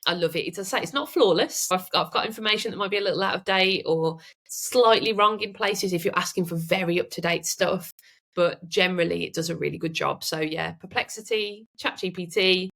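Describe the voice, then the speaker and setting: Chatty lower-voiced woman. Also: fairly quick, a bit bright. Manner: chatty, self-correcting, laughs easily. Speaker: podcast guest, AI expert. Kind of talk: casual interview chat.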